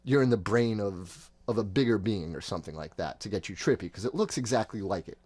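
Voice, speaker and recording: A man in his thirties with a lowish voice, retelling a wild day in a loose, rambling way and slipping into quoted voices. The sound is dry and close, with no room around it. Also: brisk, a little mellow, no room sound. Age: 30s. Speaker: podcast host. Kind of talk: casual storytelling.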